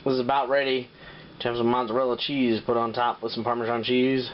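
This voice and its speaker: A man's voice: medium pitch, level tone, fairly quick, lo-fi sound, a little hiss or hum. A man hosting a casual home cooking show, swearing and joking as he talks. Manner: profane, joking, rambling. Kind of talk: casual cooking demo with crude jokes. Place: home kitchen.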